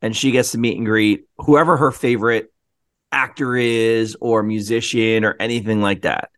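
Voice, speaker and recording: A man co-hosting a casual podcast, telling stories with lively acted-out quotes. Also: lowish voice, normal speed, dry recording, studio quality. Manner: animated storyteller, acts out quotes. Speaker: podcast co-host. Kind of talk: casual chat.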